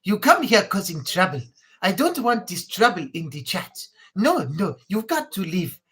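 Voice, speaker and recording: A man's voice: high-pitched, sing-song, normal speed, a bit bright, slightly rough, full character voice. A man voicing a stern man with an African accent who firmly orders someone to leave. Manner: firm, scolding.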